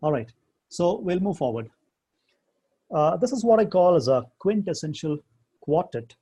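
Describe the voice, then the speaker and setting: Male Bible teacher, dark husky voice, emphatic and deliberate lecture delivery. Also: sits high, big pitch swings. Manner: deliberate, emphatic, slows down when quoting scripture. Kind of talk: theology lecture to a class.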